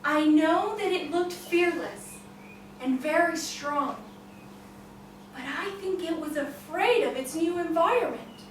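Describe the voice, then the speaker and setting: A woman storyteller voicing a humble, wise farmer who explains calmly, in an echoey room from far off. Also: very high-pitched, slow, slight background noise.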